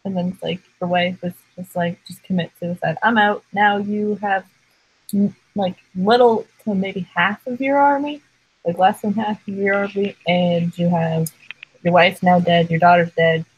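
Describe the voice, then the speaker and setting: A woman co-hosting a casual discussion, recapping in a relaxed way. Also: fairly low pitch, a little slow, slightly rough, rough recording. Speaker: co-host.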